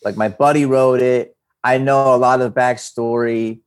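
A man with a Philadelphia accent, an actor and comedian talking casually as a guest, animated and swearing freely. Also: mid-range voice, normal speed, clean tone. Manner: animated, swearing, slips into a Philly voice. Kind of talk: casual interview chat.

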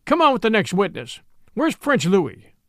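A man's voice: high-pitched, wildly swooping pitch, moderate pace, fairly bright tone, dry recording, studio quality, pitched above the performer's own voice, heavily acted. A man doing a blustering angry frontier judge. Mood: indignant. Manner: blustering, domineering, folksy frontier talk. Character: angry bossy frontier miners' judge, male. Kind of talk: audiobook character voice.

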